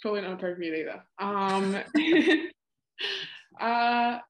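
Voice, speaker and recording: A woman's voice: mid-range voice, lively intonation, slow, rough recording. A young woman with an Australian accent, a college basketball player chatting casually as a podcast guest and laughing often. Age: young adult.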